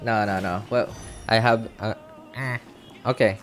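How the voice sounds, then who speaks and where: A man's voice: lowish voice, fairly even intonation, measured pace, over music. A man streaming a game and chatting casually, rambling and laughing at himself. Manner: rambling, self-mocking, laughs often. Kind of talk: casual live-stream chat.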